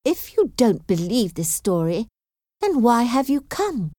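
A woman's voice: mid-range voice, measured pace, warm tone, no room sound, clean studio sound, voice pushed up, close to an everyday voice. A woman reading aloud voices a spirited young woman who speaks earnestly and firmly. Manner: firm, earnest.

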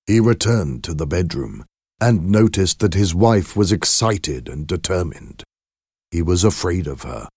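Slow, deep-voiced male storyteller. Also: husky, dry recording, clean studio sound. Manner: slow, measured, expressive storytelling. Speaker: narrator. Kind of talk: scripted story narration.

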